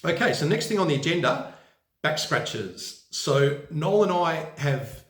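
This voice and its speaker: A man's voice: a little high, very animated, a little slow, a bit bright. A man with an Australian accent talking casually to his viewers. He muses aloud, corrects himself as he goes and often asks viewers for answers. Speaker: vlogger. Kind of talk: casual unscripted vlog talk. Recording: roomy echoey room.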